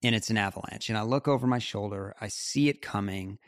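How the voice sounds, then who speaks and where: A man, a guest in a conversation, telling a story in an animated way with quick asides and frequent laughs. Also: fairly low pitch, no room sound, studio quality. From United States.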